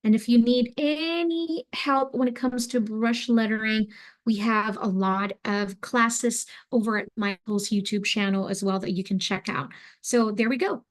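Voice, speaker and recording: A young adult woman teaching an online craft class, talking in a relaxed, chatty way with lots of fillers as she demonstrates. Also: fairly high pitch, measured pace. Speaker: craft instructor.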